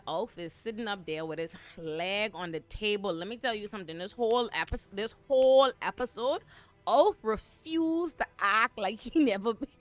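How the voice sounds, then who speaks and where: Animated, slangy woman recapping a show. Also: medium pitch. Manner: animated, slangy, profane, laughing. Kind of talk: comedic episode recap commentary.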